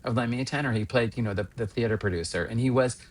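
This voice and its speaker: A man in his fifties from Western Pennsylvania, a stage actor telling winding, animated anecdotes as a podcast guest. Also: medium pitch, fast talker. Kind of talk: casual interview storytelling.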